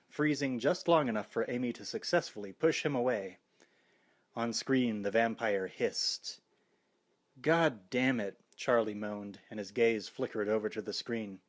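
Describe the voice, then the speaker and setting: Wry, expressive male audiobook narrator. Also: mid-range voice. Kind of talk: scripted horror novel narration.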